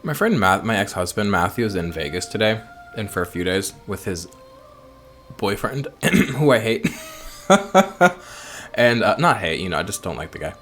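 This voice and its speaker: A man's voice: fairly low pitch, lively intonation, normal speed, a bit bright, soft background music. An American man giving rambling, joking commentary over gameplay. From United States. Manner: rambling, joking asides and self-mocking chatter. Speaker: let's play host.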